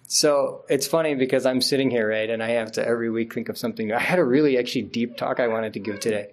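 A man's voice: mid-range voice, fast talker, hardly any pauses. Chatty middle-aged man giving a sermon. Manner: chatty, laughs often, self-deprecating asides. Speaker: imam giving a Friday talk. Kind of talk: informal sermon.

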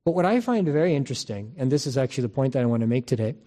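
A man giving a spiritual lecture in a measured, teaching manner, often repeating key phrases and restarting sentences. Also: medium pitch, big pitch swings, dark tone. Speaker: religious teacher.

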